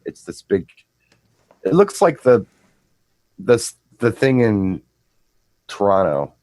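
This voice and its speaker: A middle-aged man with a low voice, chatting on a show. He rambles through an anecdote and trips over repeated words. The sound is close and dry. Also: sing-song, slow, darkish tone, dry recording, rough recording. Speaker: co-host and DJ. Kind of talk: casual chat, storytelling.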